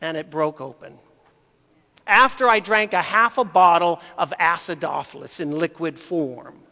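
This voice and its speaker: A man telling stories in a folksy, animated health talk. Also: on the high side, unhurried, creaky, in a large hall.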